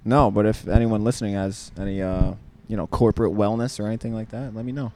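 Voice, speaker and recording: Easygoing low-voiced podcast co-host man. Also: steady tone, fast, a little mellow. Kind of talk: casual banter.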